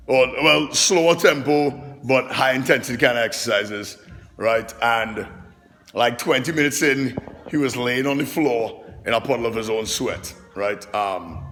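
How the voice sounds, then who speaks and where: A man who works as a personal trainer, talking to camera in a loud, animated, profane way, very expressive and passionate. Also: mid-range voice, in a large hall. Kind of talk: loud casual monologue to camera. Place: fitness gym.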